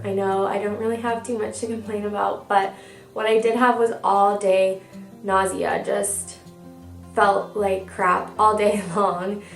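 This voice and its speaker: A young woman vlogger gives a chatty, upbeat pregnancy update, stuffed up from a cold and a little out of breath. Her mid-range voice is gravelly, level in tone and measured in pace. The mic is distant in an echoey room, with faint music behind.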